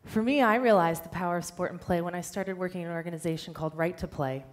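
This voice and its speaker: A woman who directs a nonprofit, giving a prepared speech on stage in an earnest, measured way. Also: on the low side. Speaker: director of a nonprofit, conference speaker. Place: stage before a live audience.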